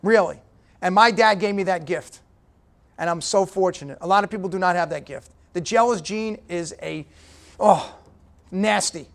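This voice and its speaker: Speaking at a moderate pace in a voice that sits high, a middle-aged guest speaker motivates a business breakfast audience. The delivery is punchy and direct, peppered with "okay?" as he engages the room.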